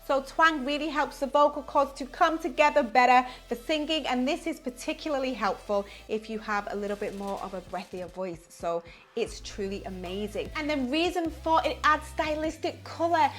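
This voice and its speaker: A woman's voice: high-pitched, lively intonation, normal speed, a bit bright. A young woman vocal coach giving an enthusiastic, upbeat online singing lesson.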